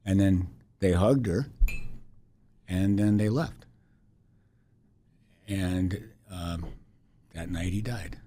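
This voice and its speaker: A man in his sixties, a podcast guest telling a personal story in a halting, reflective way with many restarts. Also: sits low, dark tone, husky, dry recording. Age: 60s.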